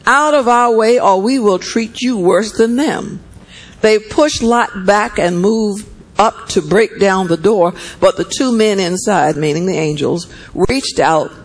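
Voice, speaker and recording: A man's voice: sits high, low-quality recording. A man preaching a sermon and reading scripture aloud. He talks conversationally, often checks in with his listeners, and repeats words for emphasis.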